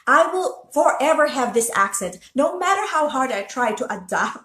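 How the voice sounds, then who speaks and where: A woman's voice: high-pitched, animated, normal speed, a bit bright, roomy sound. A woman from the Philippines with a Filipino accent, talking earnestly and chattily to her viewers in a casual motivational talk. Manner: earnest and chatty, with frequent restarts and laughs. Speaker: host.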